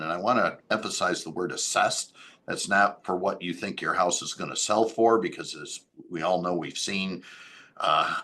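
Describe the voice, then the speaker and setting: A man giving a local government update as town supervisor, talking in a halting way with many fillers and self-corrections. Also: low voice, sharp tone.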